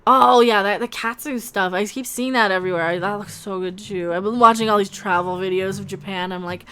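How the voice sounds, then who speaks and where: A woman hosting a casual livestream, chatting in a rambling, excitable way as she reads out and answers the chat. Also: medium pitch, fairly quick, hardly any pauses, clear, resonant tone. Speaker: livestream host reading chat.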